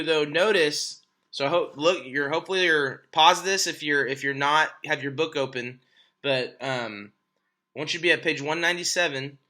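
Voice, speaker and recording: A man's voice: a little high, pushed and bright. A man teaching a Spanish class in a recorded remote lesson, chatty and hesitant, with frequent ums and restarts. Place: home at night.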